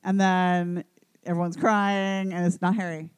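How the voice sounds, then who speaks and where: A woman's voice: fairly low pitch, flat delivery, measured pace, smooth, no room sound. A woman in her thirties from Canada co-hosting a podcast, retelling a movie in casual chat with lots of swearing and acted-out quotes. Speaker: podcast co-host.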